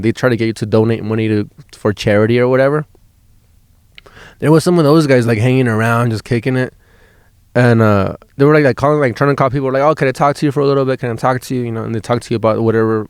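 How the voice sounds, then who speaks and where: A man's voice: mid-range voice, clean tone, no room sound, clean studio sound. A man, a stand-up comedian on a road trip, telling a rambling story in a casual, profane way, often restarting his words and laughing as he goes.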